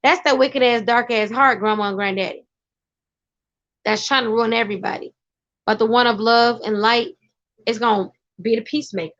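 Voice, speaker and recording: A woman vlogger giving life advice through animated, slang-filled storytelling. Her voice sits high. The audio is dull and lo-fi. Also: normal speed, pauses often. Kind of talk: casual advice monologue.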